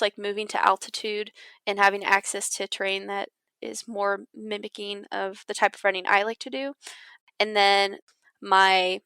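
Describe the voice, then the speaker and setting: Smooth-voiced woman chatting casually. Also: mid-range voice, a bit bright, no echo. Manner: chatty, filler-heavy, quotes herself and others. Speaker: professional mountain runner, guest. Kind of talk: casual interview talk.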